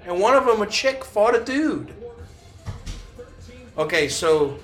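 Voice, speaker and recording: A man hosting a podcast, chatting casually and excitably about football in a slangy, trash-talking way. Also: sits high, slow pace, faint music behind. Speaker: podcast host. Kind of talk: casual sports chat while watching a game.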